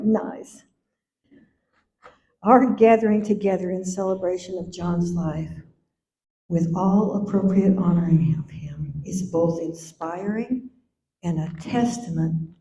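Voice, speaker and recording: An older woman speaks at a memorial in a slow, tender, mellow voice. Her voice rings with echo off the hall, and the recording sounds a little dull. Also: on the low side, vocal fry, slight background noise. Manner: slow, gentle and tender, sometimes singing softly. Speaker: mother giving a eulogy. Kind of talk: memorial speech.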